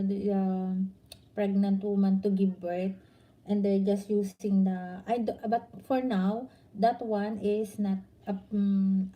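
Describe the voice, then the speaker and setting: Filipino lady vlogging, chatty, keeps stopping to find the word, super mellow warm voice, middle pitch. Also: poor audio. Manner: halting, searches for words, mixes in Tagalog. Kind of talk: casual chat to viewers.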